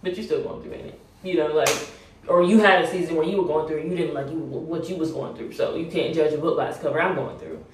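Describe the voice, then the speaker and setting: A woman's voice: deep voice, steady tone, fast talker. A young woman vlogging a personal plea, emotional and laughing to keep from crying. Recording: echoey room from a distance.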